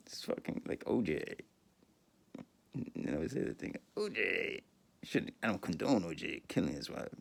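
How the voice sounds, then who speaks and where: A man's voice: on the low side, big pitch swings, slow, gravelly, long pauses, breathy edge. A man, rambling through a crude comic monologue full of swearing and laughter. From New York, USA. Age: 50s. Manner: profane, laughing, rambling storyteller.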